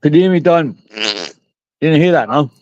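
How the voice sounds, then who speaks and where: A man's voice: on the high side, moderate pace, darkish tone, dry recording, highs cut off. A man rambling and swearing in casual banter on a video call. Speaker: live stream participant.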